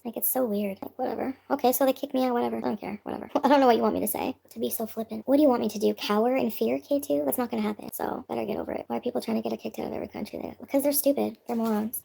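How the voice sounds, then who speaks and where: A woman's voice: on the high side, creaky, mellow, low-quality recording. A woman from Canada livestreaming, answering chat comments in a defensive, dismissive way. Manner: defensive, dismissive, brushes off critics.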